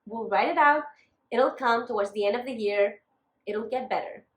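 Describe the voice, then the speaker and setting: Woman vlogger ranting about her makeup, kinda high voice, echoey room. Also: normal speed, a little hiss or hum. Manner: ranty, exasperated asides. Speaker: beauty vlogger. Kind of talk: casual vlog chat.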